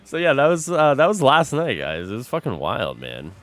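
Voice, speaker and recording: At a moderate pace and medium pitch, a young man chats loosely with his streaming audience. His manner is animated, full of swearing, with bro in nearly every line.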